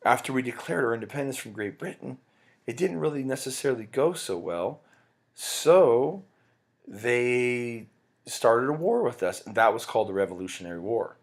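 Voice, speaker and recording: A male teacher giving a casual, rambling recorded lecture, often breaking off mid-sentence. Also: medium pitch. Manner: casual, rambling, self-interrupting.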